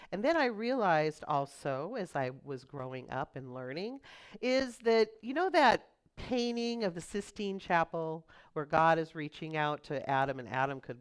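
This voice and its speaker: A middle-aged woman minister giving a chatty, storytelling sermon with quick asides. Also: on the low side, very animated, clear, resonant tone. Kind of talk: conversational sermon.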